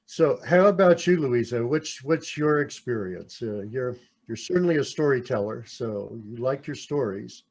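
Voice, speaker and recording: A man moderating a panel, asking the panelists follow-up questions in a relaxed way. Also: mid-range voice, moderate pace, husky.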